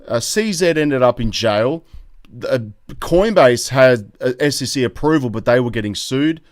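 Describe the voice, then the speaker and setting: An Australian man hosts a live crypto stream and reacts to the chat in an excitable, rambling way. His voice is smooth and clear, at a middling pitch. The sound is close and dry. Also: measured pace, dry recording. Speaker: crypto YouTube host.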